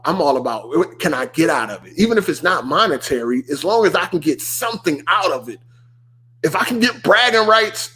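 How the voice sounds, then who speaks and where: A man's voice: fairly high pitch, a bit bright. A young man hosting a live stream, chatting casually and profanely with viewers and firing rhetorical questions at them. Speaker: streamer host.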